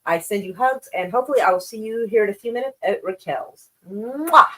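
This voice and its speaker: A woman's voice: medium pitch, fast. Effusive, foul-mouthed woman streamer. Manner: effusive, profane, rambling. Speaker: live stream host. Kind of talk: casual chat with live chat viewers.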